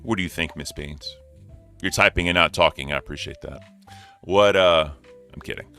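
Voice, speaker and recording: A man's voice: low-pitched, normal speed, pushed and bright, faint music behind. A man hosting a casual commentary stream, reacting loosely and swearing as he talks. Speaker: stream host.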